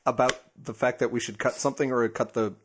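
A man's voice: mid-range voice, little pitch movement, fast talker, a bit bright, a little hiss or hum. A man co-hosting a podcast in casual banter, often tripping over words and cursing. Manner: swears and stumbles over words. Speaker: podcast co-host.

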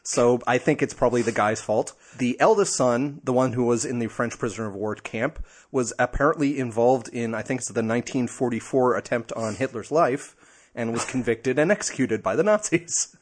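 A man's voice: mid-range voice, moderate pace. A man co-hosting a casual podcast chat, rambling with many fillers and self-deprecating jokes. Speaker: podcast co-host.

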